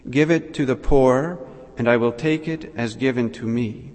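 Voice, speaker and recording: A gentle holy infant answering, as a preacher reads him. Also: male voice, mid-range voice, moderate pace, close to an everyday voice. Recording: long reverb in a large hall.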